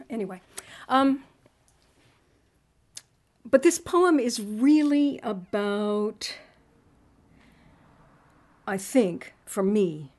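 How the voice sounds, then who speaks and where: Woman poet from Texas, mid-pitched, unhurried and halting, introducing her work at a reading. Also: vocal fry, darkish tone. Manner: hesitant, many ums and pauses.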